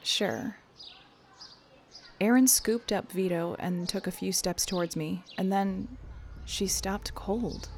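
A woman's voice: medium pitch, takes it slowly, darkish tone, slight background noise. A woman narrating and acting her own part in an audio drama, tense and often raising her voice. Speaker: narrator and lead character.

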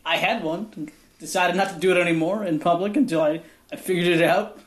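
A man co-hosting a comedy podcast, talking in a hesitant, halting way. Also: high-pitched, steady tone. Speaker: podcast co-host. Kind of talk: casual comedic podcast banter. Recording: roomy, faint background hiss.

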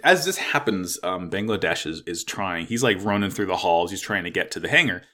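A man's voice: sits low, expressive, a little fast, bright, forceful tone. A man recapping a plot in casual chat, rambling with lots of fillers and swearing. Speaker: podcast co-host recapping an anime.

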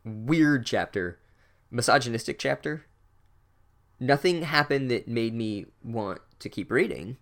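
A man's voice: mid-range voice, animated, unhurried, creaky, a bit bright. Man doing a sardonic book recap, casual and crude, heavy on filler words. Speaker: book reviewer. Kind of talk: sarcastic chapter recap.

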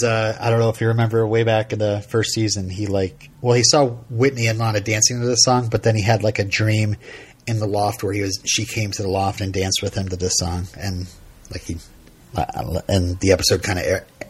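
A man co-hosting a podcast, casually recapping a TV episode in a rambling, halting way full of fillers. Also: fairly low pitch, level tone, slightly rough. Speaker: podcast co-host.

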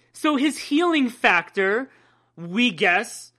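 A man's voice: very high voice, sing-song, drawn-out words, pushed and bright. A man co-hosting a podcast, ranting casually and profanely about comics and laughing often. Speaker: podcast co-host. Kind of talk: casual comic book chat.

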